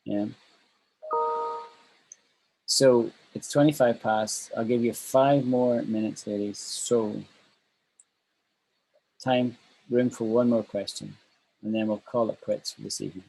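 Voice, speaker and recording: A man's voice: fairly low pitch, steady tone, takes it slowly, vocal fry, pauses often, warm tone, rough recording. A man teaching an online English class, chatty and emphatic, repeating phrases for stress.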